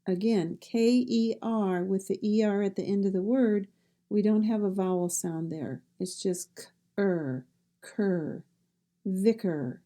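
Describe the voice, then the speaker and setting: Slow, mellow woman teaching pronunciation. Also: medium pitch, fairly even intonation. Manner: repeats each word twice, stressing sounds clearly. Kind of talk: slow, deliberate pronunciation lesson.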